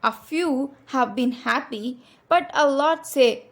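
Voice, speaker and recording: High-voiced woman giving earnest religious advice. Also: slow. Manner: earnest, direct, repeats key points. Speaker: Islamic speaker.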